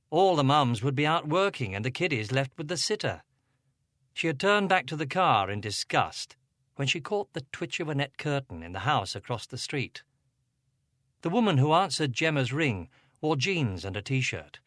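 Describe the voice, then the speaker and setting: Expressive man narrating an audiobook. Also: mid-range voice, no echo, clean studio sound. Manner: expressive, voices each character.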